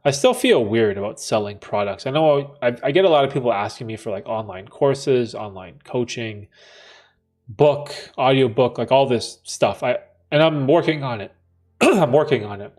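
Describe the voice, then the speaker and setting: A man's voice: medium pitch, animated, normal speed, a little mellow. Laid-back slangy male livestream host. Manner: laid-back slangy banter, frequent laughter. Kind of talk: casual livestream Q&A, reading chat aloud.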